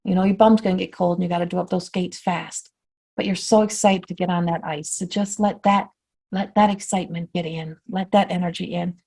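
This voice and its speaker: A woman spiritual teacher giving a flowing talk before a guided meditation, repeating and rephrasing, often dropping to a soft hush. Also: lowish voice, fairly even intonation, a little fast, vocal fry, breathy edge. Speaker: spiritual teacher and oracle card reader.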